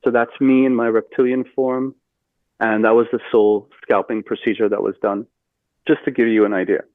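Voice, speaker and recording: A man's voice: fairly low pitch, normal speed, no room sound. Man on a tinny phone line. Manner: earnest, steady storytelling with fillers. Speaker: podcast guest. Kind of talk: recounting a personal story.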